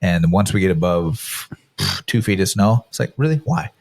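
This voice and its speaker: Deep-voiced man from Kansas, dry sound. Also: expressive, normal speed, darkish tone, no room sound. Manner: chatty, laughs easily while telling stories. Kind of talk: casual chat.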